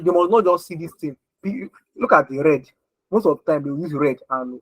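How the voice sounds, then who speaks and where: A man's voice: a little high, no room sound, rough recording. A man teaching design in an online screen-share lesson, repeating points and often checking that listeners follow. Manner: repetitive, emphatic, keeps checking if listeners follow. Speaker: design instructor.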